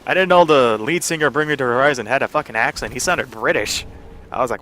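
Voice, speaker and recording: A man's voice: mid-range voice, fast talker, fairly bright tone. A young man casually telling a rambling story over gameplay, full of fillers and swearing. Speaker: gaming channel host.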